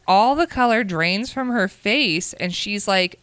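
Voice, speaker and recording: A woman's voice: medium pitch, animated, measured pace, hardly any pauses, fairly bright tone, clean tone, no echo. A woman co-hosting a casual chat show, reading submitted dating stories aloud, acting out the quotes and adding her own comments. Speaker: podcast co-host reading stories.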